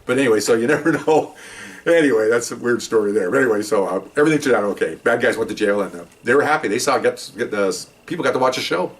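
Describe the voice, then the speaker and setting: A man, a retired police officer, telling a story from his years on the job in a casual, animated way, playing the voices of the people in it. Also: medium pitch, fast, far from the mic. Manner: animated, acts out voices in the story, chuckles often.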